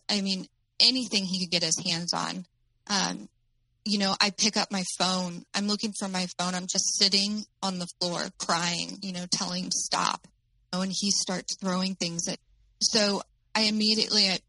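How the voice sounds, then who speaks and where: A woman telling her own story as an interview guest, in a halting way with many fillers. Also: lowish voice, gravelly, sharp tone, no room sound, rough recording.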